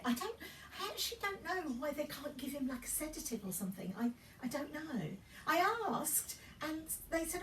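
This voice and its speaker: A fashion vlogger in her fifties chats casually, rambling through her story with lots of ums and restarts. Her voice is high-pitched and expressive at normal speed. The recording picks her up from a distance off the mic, sounding roomy with a little hiss or hum.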